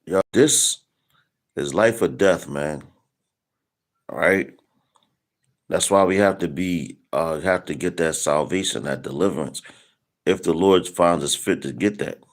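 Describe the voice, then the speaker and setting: A man giving a casual, rambling Bible talk in street slang, slowing down to read scripture aloud. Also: low voice. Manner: loose, rambling, slangy, reads scripture slowly. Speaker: preacher.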